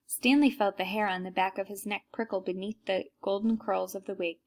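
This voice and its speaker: A woman's voice: medium pitch, fairly even intonation, fairly quick. A woman reading a children's book aloud, narrating plainly and unhurriedly with small slips.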